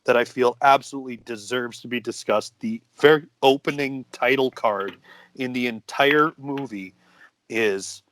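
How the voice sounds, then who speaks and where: A man's voice: medium pitch, moderate pace, fairly bright tone, no room sound. A man co-hosting a casual movie review podcast, laughing often as he reads out quotes. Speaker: podcast co-host.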